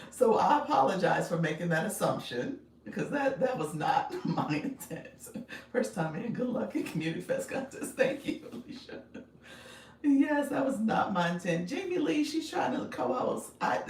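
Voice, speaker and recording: A woman's voice: on the low side, slight background noise. A woman hosting a casual livestream, chatting with viewers, reading out their comments and laughing often. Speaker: livestream host and coach. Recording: echoey room, distant mic.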